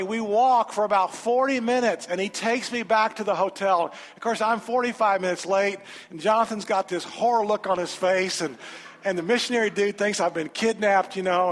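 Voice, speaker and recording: A man with a high voice preaches in a large sanctuary, telling a story with animated, emphatic energy. The long reverb of the hall hangs on each phrase, and soft music plays faintly behind him. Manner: animated storytelling, rising to emphatic altar call. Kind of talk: sermon with a personal story.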